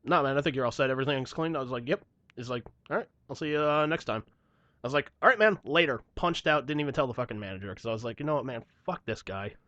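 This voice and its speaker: A young man hosting a podcast casually tells a story packed with swearing and acted-out dialogue, in a profane, animated way. His mid-range voice moves at a quick pace. The recording is lo-fi with no room sound.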